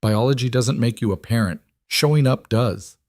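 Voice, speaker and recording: A man voicing a calm, assured mafia boss with a dry, amused manner in an audiobook. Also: medium pitch, normal speed, dry recording, natural voice. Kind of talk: audiobook character voice.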